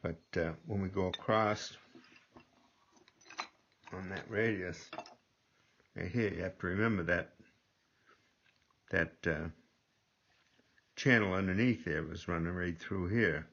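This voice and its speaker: An older man with a very deep voice talks slowly through a workshop demonstration, rambling a little and repeating himself as he works. The audio is dull and lo-fi. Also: fairly bright tone. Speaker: gunsmithing instructor.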